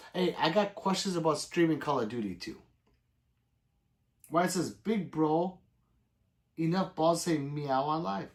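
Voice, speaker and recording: A man's voice: on the high side, sing-song, moderate pace. A man hosting a casual livestream, reading viewer comments aloud and breaking into playful meows, woofs and growls, with some casual swearing. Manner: laid-back, swears casually. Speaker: livestream host reading chat. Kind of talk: casual live-stream chat.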